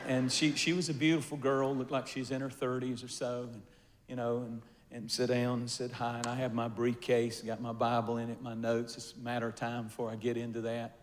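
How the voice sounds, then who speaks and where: An older man preaching a sermon, telling a funny personal story with animated swings between quiet asides and loud bursts. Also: mid-range voice, slight background noise. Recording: long reverb of a large hall.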